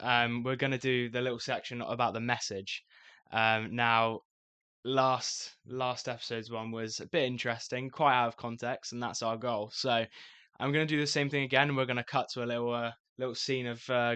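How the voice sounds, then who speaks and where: Bright, teasing young podcast host man. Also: medium pitch, clean tone, no room sound. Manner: teasing, upbeat. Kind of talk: casual podcast chat.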